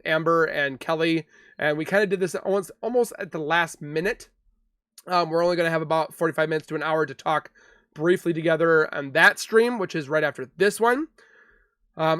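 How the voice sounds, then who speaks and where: A young man hosts a live chat stream, reading viewer comments and answering them in a loose, rambling way. His voice sits fairly high for a man, and the sound is dry and close with no room around it. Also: fairly bright tone, no room sound. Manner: chatty, reads viewer comments aloud and reacts; loose, with restarts and quick asides. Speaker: livestream host reading chat.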